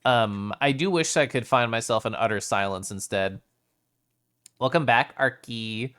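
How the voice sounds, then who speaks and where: Playful chatty streamer with a lively voice. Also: medium pitch, moderate pace. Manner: playful, often rolls R's and makes vocal sounds; chatty, reads chat messages aloud. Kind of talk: casual chat, answering live chat.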